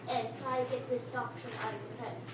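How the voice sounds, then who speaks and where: A woman's voice: on the high side, fairly even intonation, brisk. Earnest woman in an echoey room. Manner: earnest, gives advice. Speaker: group member sharing. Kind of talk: casual group talk. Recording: echoey room from far off, noisy.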